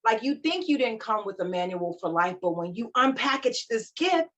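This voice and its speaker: A woman in her forties, a life coach, talking about her life as a podcast guest, animated and emphatic. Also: a little high, normal speed. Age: 40s. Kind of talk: casual interview chat. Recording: slightly dull lo-fi sound.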